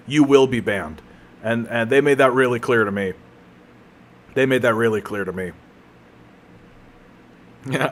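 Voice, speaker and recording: A Canadian man streams a game while chatting casually, rambling and cracking jokes at his own expense. He keeps restarting his sentences, and his mid-range voice has a slightly bright quality.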